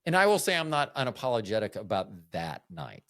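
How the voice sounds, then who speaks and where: Lively, profane man musing aloud. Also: lowish voice, fairly quick, no room sound, studio quality. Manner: profane, boastful and self-mocking. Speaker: video host. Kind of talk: casual rambling monologue.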